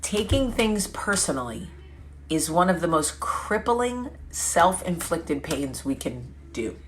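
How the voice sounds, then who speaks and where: A woman hosting a casual vlog chat, telling stories with quick asides and self-corrections. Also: lowish voice, a little hiss or hum. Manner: chatty storytelling with quick asides; lively, laughing, self-correcting. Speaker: vlog host.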